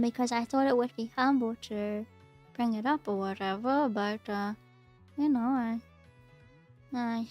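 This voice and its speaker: A woman chatting casually on a live stream, rambling and hesitant with lots of fillers. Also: fairly high pitch. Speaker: VTuber streamer.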